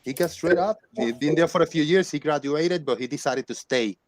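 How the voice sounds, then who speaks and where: A man's voice: a little high, fairly quick, dry recording. A man hosting a livestream, chatting casually about family in a loose, rambling way with frequent laughs. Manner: animated, laughs often, loose rambling talk. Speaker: livestream host. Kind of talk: casual chat.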